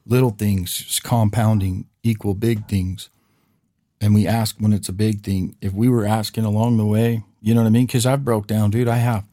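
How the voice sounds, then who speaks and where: Animated storytelling man, low dark voice. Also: moderate pace, dry recording, clean studio sound. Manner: animated storyteller, acts out quoted voices, says "bro" and "dude". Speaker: podcast co-host. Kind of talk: casual storytelling chat.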